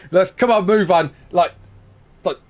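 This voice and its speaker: A man's voice: high voice, slow pace. A young man, from England, streaming a game live, chatting, joking and laughing while reading chat aloud.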